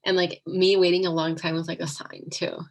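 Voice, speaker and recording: A woman's voice: fairly low pitch, flat delivery, a little fast, noisy background. A young woman telling a rambling storytime over a video call, packed with "like" and giggles. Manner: rambling, fillers like "like" a lot, giggly. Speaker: vlogger. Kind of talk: casual storytime.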